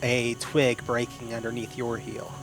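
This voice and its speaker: A man, narrating as game master in an unhurried, descriptive way. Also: mid-range voice, completely flat delivery, gravelly, faint music behind.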